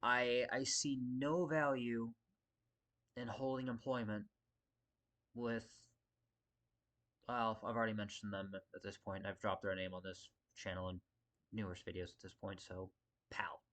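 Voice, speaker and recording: A man's voice: fairly low pitch, flat delivery, normal speed, long pauses, fairly bright tone. Frustrated security guy ranting to his channel, swears a lot, rambles and circles back. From Las Vegas area. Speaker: security guard vlogger. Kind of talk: casual ranting vlog.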